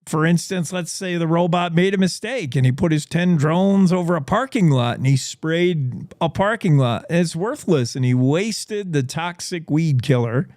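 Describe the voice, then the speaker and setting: A man's voice: fairly high pitch, animated, moderate pace, few pauses, darkish tone, dry recording, studio quality. A man hosting a radio morning show, playfully spinning speculative stories. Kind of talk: talk radio monologue.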